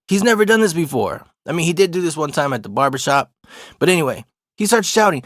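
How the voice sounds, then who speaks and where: A man's voice: on the high side, lively intonation, fairly quick, no echo, studio quality. A young adult man casually telling a funny story, swearing a lot and often laughing. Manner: profane, laid-back, laughs often.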